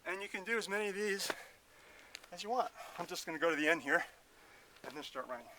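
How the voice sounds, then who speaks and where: A man's voice: sits high, expressive, quick pace, background noise. A man demonstrating a workout outdoors, chatty and self-mocking, talking through the exercises while out of breath. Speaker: fitness instructor. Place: outdoors at a house in the woods. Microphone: filmed by a camera operator.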